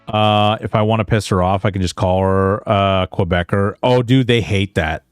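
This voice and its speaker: A man's voice: lowish voice, steady tone, moderate pace, clear, resonant tone, no echo, soft background music. A Canadian man streaming a video game, chatting in a rambling, casual way and swearing now and then. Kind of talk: casual gaming stream chat.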